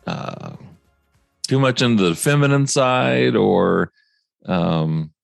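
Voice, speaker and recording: A man's voice: mid-range voice, expressive, slow pace, vocal fry, dry recording, studio quality, faint music behind. A man hosting a podcast in casual chat, thoughtful and asking probing questions. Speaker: podcast host.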